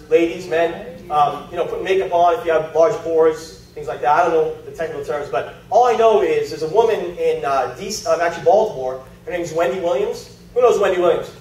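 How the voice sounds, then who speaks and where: In an echoey meeting room, heard from far away, a man with a fairly high, slightly mellow voice gives a sales talk to an audience. His style is chatty and story-driven, and he keeps asking the crowd questions.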